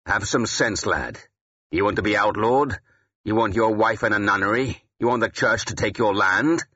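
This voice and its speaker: A man's voice: fairly low pitch, normal speed, sharp tone, husky, muffled recording. A man voicing a growling old Saxon lord. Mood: gruff. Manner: snarling, growling, blunt and weary. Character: gruff battle-hardened older Saxon ealdorman, blunt. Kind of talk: audiobook character voice.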